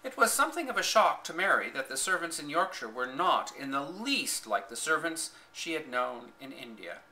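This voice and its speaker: A man's voice: fairly high pitch, moderate pace, poor audio. A man reading a children's classic aloud as scripted narration, voicing each character in turn. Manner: expressive storytelling, voicing characters. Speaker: audiobook reader.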